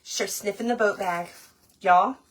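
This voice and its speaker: Her pitch sits in the middle and her speed is normal. Working on a craft during her livestream, this woman spins a casual story, animated and talkative, calling her audience y'all.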